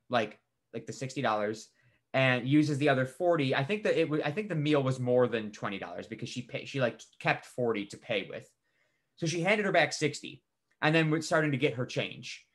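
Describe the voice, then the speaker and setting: A man co-hosting a podcast, telling a story in animated casual chat, swearing freely and saying "like" a lot. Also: medium pitch. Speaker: podcast co-host.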